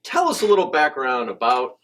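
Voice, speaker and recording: A man's voice: fairly high pitch, fairly quick, a little hiss or hum. Laid-back man hosting a podcast. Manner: relaxed, laughing, hesitant fillers. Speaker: podcast host. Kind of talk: casual interview chat.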